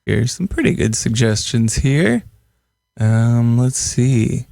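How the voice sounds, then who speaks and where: A man's voice: medium pitch, animated, takes it slowly, creaky, darkish tone, dry recording. A young man hosting a music-making video, chatting casually and reading viewer comments as he works on a song. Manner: chatty, reads out viewer comments while working. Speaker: music producer and host.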